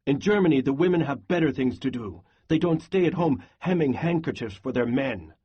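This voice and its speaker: A husky-voiced man playing a harsh, scornful German soldier, speaking slowly and mockingly. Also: mid-range voice, lively intonation, muffled recording.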